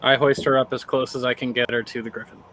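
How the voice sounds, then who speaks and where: A man's voice: medium pitch, level tone, quick pace, a bit bright, slight background noise. A man playing a tabletop game, laughing often and putting on formal phrasing for his character. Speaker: tabletop player. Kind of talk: casual play chat.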